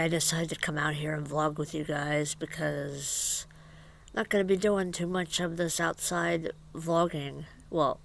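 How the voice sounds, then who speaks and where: A man vlogging outdoors in a casual, rambling way, halting and hesitant, rueful and confiding, sometimes dropping to a hushed near-whisper. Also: fairly high pitch, creaky, slight background noise. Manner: halting and hesitant, with repeated fillers and restarts. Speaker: vlogger and musician.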